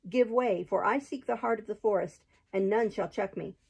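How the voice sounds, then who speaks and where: A woman's voice: medium pitch, normal speed, gravelly, breathy edge. A woman reading aloud, voicing a bold young noblewoman disguised as a page in a storybook. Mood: defiant.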